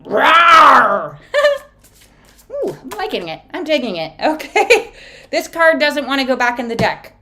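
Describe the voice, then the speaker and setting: A woman's voice: high voice, big pitch swings, moderate pace, a bit bright. Blunt, profane woman reading oracle cards. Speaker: oracle card reader. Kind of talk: casual spiritual vlog chat.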